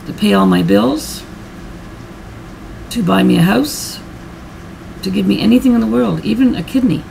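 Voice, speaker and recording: A woman's voice: medium pitch, expressive, moderate pace, creaky, pauses often, dark tone, a little hiss or hum, poor audio. A middle-aged woman vlogger telling a personal story in a heartfelt, rambling way, repeating her words and getting emotional.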